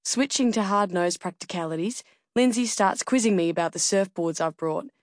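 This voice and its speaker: A woman narrating an audiobook in the first person, reading in a measured and steady way. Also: mid-range voice, dry recording, clean studio sound.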